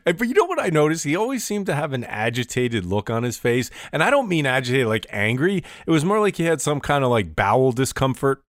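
A man's voice: mid-range voice, very animated, fairly quick, few pauses, no echo, studio quality. A man co-hosting a casual podcast, chatty and laughing often, with lots of "like" fillers. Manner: laughs often, says "like" a lot. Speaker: podcast co-host.

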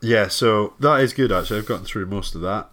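A man's voice: fairly low pitch, fairly quick, fairly bright tone. A tired man co-hosting a podcast, rambling in casual chat with lots of fillers and restarts. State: tired from lack of sleep. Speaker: podcast co-host.

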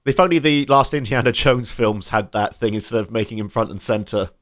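A man co-hosting a casual film podcast, reading production notes aloud and chatting in an animated, halting way with frequent laughs. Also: on the low side. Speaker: podcast co-host.

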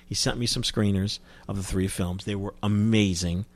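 A man's voice: lowish voice, fairly even intonation, moderate pace. A man from New Jersey telling stories as an interview guest, chatty, with frequent restarts. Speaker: guest, film distributor. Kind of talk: casual interview storytelling.

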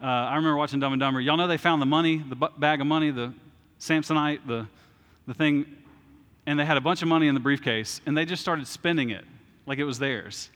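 Conversational preacher in an echoing hall. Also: male voice, a little high, fairly quick, a bit bright. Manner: conversational preaching with asides and restarts. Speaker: pastor. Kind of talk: sermon.

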